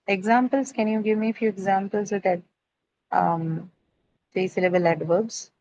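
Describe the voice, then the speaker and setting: In a classroom, a woman teaches English syllables and word stress, often checking in with "right?" and filling pauses with "uh." Her mid-pitched voice is steady and darkish, and the audio has its highs cut off.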